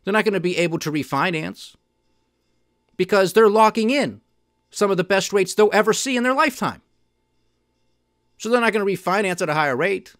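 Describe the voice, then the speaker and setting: Male podcast host, fairly high-pitched, emphatic and indignant. Dry, close sound. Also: lively intonation, brisk, pauses often, a bit bright, no room sound. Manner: emphatic, indignant, mocking quoted officials. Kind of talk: solo commentary.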